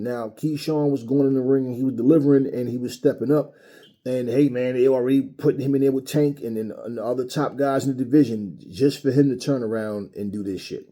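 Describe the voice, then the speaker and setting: Angry, husky-voiced man ranting. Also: medium pitch, warm tone. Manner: angry, profane, mocking. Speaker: boxing commentary channel host. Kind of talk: heated opinion rant.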